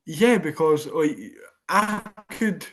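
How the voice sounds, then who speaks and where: Young man, Scottish accent, cheeky, a bit high-pitched, laptop video call. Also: slow pace, fairly bright tone. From Scotland. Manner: cheeky, jokey. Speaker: guest. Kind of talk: casual podcast chat.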